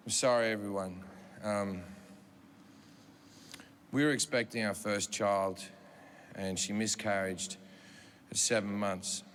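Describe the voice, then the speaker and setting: A man putting on a soft, hesitant voice to play a grieving husband apologizing, in a stand-up comedy routine. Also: lowish voice, fairly even intonation, takes it slowly, long pauses, voice pushed down. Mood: apologetic. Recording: reverberant theater with audience noise.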